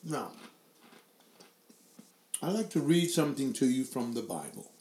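Older male webcast host, warm and mellow, asks question after question, echoey room. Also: mid-range voice, very animated, a little slow. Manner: strings together rhetorical questions. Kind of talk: opinion commentary to a webcast audience. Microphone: desk microphone, later adjusted to sit further back.

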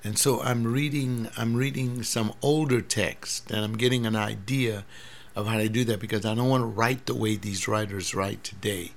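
Older pastor in his seventies, gravelly and low-pitched, earnest and rambling. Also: steady tone, moderate pace. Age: 70s. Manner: earnest, rambling, repeats words and restarts. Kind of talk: personal spoken monologue.

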